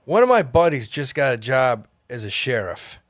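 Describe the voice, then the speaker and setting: A man telling a long story as a podcast guest, animated and profane, laughing as he goes. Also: medium pitch, moderate pace, dry recording, clean studio sound. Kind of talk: casual storytelling. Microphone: studio mic.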